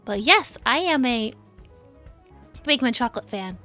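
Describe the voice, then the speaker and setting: Bright, high-pitched bubbly streamer woman. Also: lively intonation, unhurried, no echo, faint music behind. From United States. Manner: bubbly, giggly, greets chat by name. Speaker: VTuber streamer. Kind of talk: casual stream chat.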